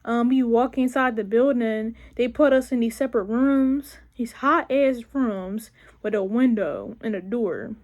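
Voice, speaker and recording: A woman's voice: fairly high pitch, unhurried. A young woman, telling a casual, profane storytime vlog and acting out the voices of people in her story. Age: young adult. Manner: animated, profane, acts out quoted voices. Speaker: vlogger.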